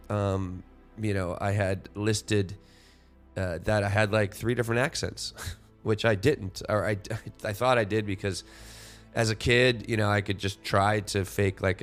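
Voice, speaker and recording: A man's voice: lowish voice, smooth. A man in his forties hosting a solo podcast, talking reflectively and rambling with lots of "you know" fillers and restarts. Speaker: podcast host.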